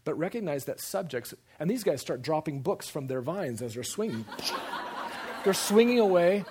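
A man preaching a sermon in an animated way, with repeated emphasis and acted-out quoted voices. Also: on the high side, normal speed, background noise. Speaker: preacher or teacher.

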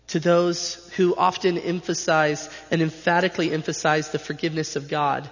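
Guy preaching a sermon, kinda high voice, hammering lines over and over, big echoey church sound. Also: creaky. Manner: emphatic, repetitive preaching cadence. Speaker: pastor. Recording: dull sound with long hall reverb.

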